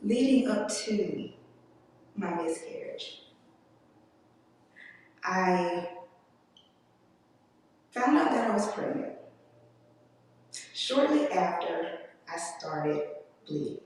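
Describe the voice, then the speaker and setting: Woman speaker, emotional testimony, unhurried, distant in a roomy hall. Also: lowish voice, animated, a little mellow, slight background noise. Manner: emotional, earnest, addresses audience as "y'all"; slow, deliberate delivery with long pauses. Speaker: conference speaker. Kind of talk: personal testimony talk. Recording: echoey hall, distant mic.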